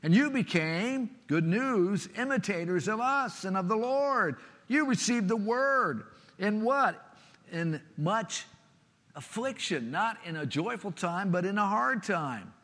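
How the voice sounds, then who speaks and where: A man preaching a sermon with expressive delivery, dropping to a soft, hushed voice for a personal story. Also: sits high, slow pace. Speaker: pastor. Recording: long reverb of a large hall.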